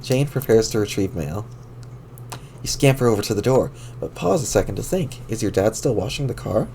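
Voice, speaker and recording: A man's voice: fairly low pitch, lively intonation, fairly quick, warm tone, a little hiss or hum. A man reading a webcomic aloud on a stream, in a wry, amused way with his own asides. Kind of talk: casual read-aloud narration.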